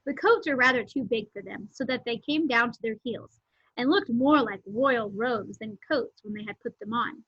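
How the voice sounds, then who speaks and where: A woman reading a novel aloud, pausing to explain words and events in simple terms. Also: a little high, fairly bright tone, slightly rough, no room sound. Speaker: read-aloud narrator. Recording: dull lo-fi home recording.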